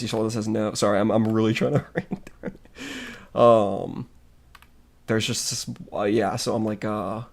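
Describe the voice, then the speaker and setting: Brief: young male streamer, gravelly voice, crude and joking, rambling. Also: fairly low pitch, lively intonation, slow pace, long pauses. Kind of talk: casual gaming commentary.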